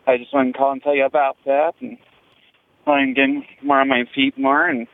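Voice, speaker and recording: A man from Denver leaving a first-time voicemail for a podcast, speaking in an earnest, steady and plainspoken way. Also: mid-range voice, normal speed, gravelly, no echo. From Denver area. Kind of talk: phone voicemail. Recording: tinny dry phone line.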